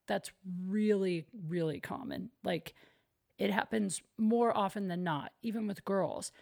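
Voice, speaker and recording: Young woman, solo podcast host, casual rambling chat, self-mocking. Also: mid-range voice. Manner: chatty, self-deprecating, lots of "like". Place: her apartment.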